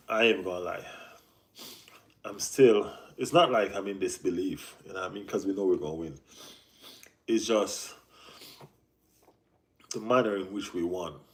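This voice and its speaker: A man hosting a casual live football chat, talking in an animated way with lots of slang and repeated phrases. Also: fairly low pitch. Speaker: football channel host.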